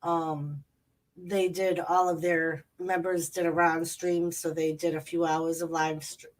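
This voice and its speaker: Stuffy-nosed woman chatting slowly at night. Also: deep voice, little pitch movement, distant mic. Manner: chatty, rambling, greets viewers by name. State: stuffy nose. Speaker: channel host. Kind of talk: late-night casual livestream chat. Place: home at night.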